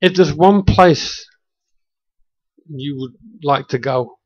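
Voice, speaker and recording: Halting radio host man, dry lo-fi sound. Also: on the high side, darkish tone, no room sound. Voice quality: halting, repeats words. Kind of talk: casual radio chat. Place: radio studio.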